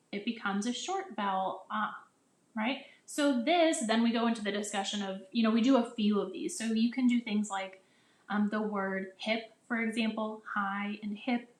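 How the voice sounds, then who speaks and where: A woman's voice: medium pitch, fairly even intonation, moderate pace. Chatty woman teacher in an echoey room. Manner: chatty, restarts often, sounds out vowels for kids. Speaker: teacher explaining phonics to teachers. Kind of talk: casual instructional explanation.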